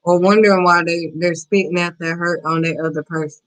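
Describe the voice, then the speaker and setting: A woman's voice: lowish voice, fairly even intonation, fairly quick, poor audio. A woman hosting a faith-based talk show, giving blunt, emphatic, preachy advice. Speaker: host.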